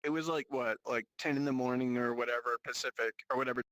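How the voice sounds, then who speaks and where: A man with a bright, forward voice leads loose, joking group banter. He rambles, laughs easily and swears freely. The sound is dry and close, with no room around it. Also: medium pitch, steady tone, fast talker, no echo, poor audio. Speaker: podcast host. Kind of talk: casual group banter about VR.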